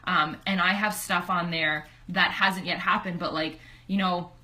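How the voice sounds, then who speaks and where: A woman's voice: lowish voice, steady tone, unhurried, pushed and bright. A young woman telling a personal story to her computer webcam at home, chatty and heartfelt, with lots of "like" fillers. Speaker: online fitness coach. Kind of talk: casual personal storytelling to camera.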